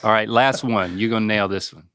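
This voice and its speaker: On a relaxed podcast chat, a forty-something son teases his father through pronunciation drills, spelling words letter by letter. He talks a little fast in a smooth, fairly low, fairly bright voice.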